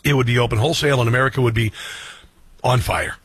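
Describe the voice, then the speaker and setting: A man's voice: medium pitch, fast, a bit bright, slightly rough, no room sound. A man hosting a political talk show, reading headlines and riffing on them in a blunt, combative way. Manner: blunt, combative, reads headlines then riffs with asides. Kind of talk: opinionated talk radio commentary.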